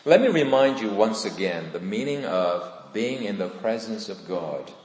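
A man preaching a sermon in church, earnest and deliberate, with emphatic rises on key points. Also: lowish voice, lively intonation, a little mellow. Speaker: pastor. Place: church sanctuary. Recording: echoey church hall.

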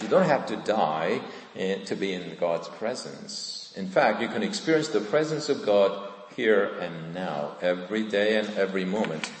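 A man preaching a sermon in church, earnest and deliberate, with emphatic rises on key points. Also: lowish voice, darkish tone. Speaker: pastor. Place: church sanctuary. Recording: echoey church hall.

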